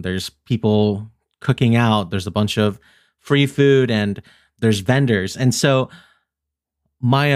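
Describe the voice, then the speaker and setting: A man's voice: on the low side, no echo, studio quality. A young man, a podcast host, telling a family story in casual chat and acting out the people in it. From Filipino family. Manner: animated storyteller who acts out the people in his story.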